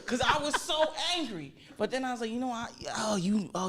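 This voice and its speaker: A woman athlete guest telling animated, playful stories in casual chat, full of laughs and dramatic retellings. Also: a little high, brisk.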